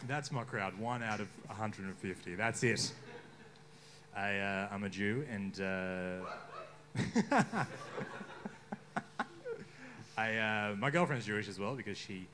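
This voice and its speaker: A man's voice: fairly low pitch, unhurried, noisy background. Young Australian man doing stand-up. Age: young adult. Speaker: stand-up comedian. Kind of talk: stand-up comedy set. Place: bar stage before a live crowd.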